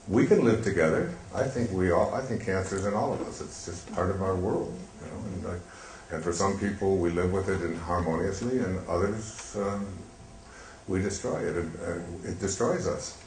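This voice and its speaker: An older man telling a gentle, meandering story with soft laughs and many fillers. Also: low voice, roomy sound, a little hiss or hum, poor audio. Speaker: speaker. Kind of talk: reflective storytelling talk.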